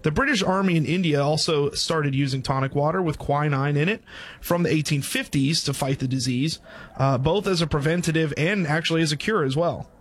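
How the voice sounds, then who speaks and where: Southern guy reading his notes out, kinda higher voice, steady informative. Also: fairly quick. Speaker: co-host presenting drink history. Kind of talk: reading prepared background notes.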